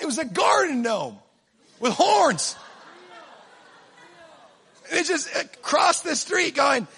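A man preaching a sermon in an animated way, swinging from low, quiet asides to shouted punchlines, with humor. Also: a little slow.

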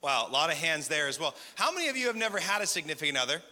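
A man's voice: a little high, sing-song, rapid-fire, pushed and bright. A man preaching at a community gathering, joking with and questioning his audience. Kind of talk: lively sermon with crowd interaction. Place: large hall with live audience. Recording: long hall reverb.

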